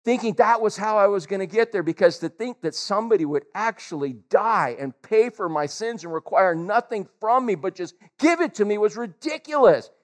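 A man's voice: sits high, moderate pace, few pauses. A male pastor giving a casual, jokey sermon and calling out to people in the congregation by name. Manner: animated, jokey, addresses the congregation directly.

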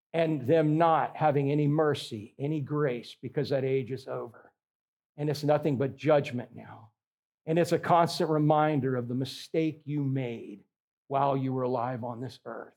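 Pastor, high-pitched man, emphatic conversational sermon. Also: darkish tone. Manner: emphatic, conversational preaching with rhetorical questions.

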